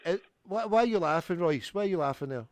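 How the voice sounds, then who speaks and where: A high-voiced man runs a prank call, rambling on with mock-pompous deadpan nonsense. His voice sounds close and dry, with no room around it. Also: quick pace, dry recording. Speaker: prank caller.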